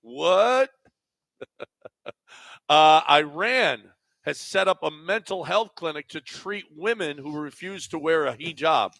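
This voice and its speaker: Wry male radio co-host with a bright voice. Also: a little high, lively intonation, takes it slowly, vocal fry, no echo. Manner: wry, teasing news delivery. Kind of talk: reading quirky news items in banter. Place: radio studio. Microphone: studio microphone.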